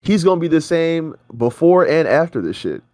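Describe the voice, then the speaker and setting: A man's voice: on the high side, very animated, normal speed, warm tone, dry recording, clean studio sound. A man co-hosting a reaction show, ranting in heated, profane casual chat.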